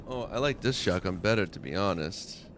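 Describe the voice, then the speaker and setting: A man's voice: deep voice, animated, moderate pace. A man with a Long Island accent giving casual gameplay commentary, mumbling half to himself while he loots. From Long Island, New York. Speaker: gaming streamer. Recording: noisy game audio underneath.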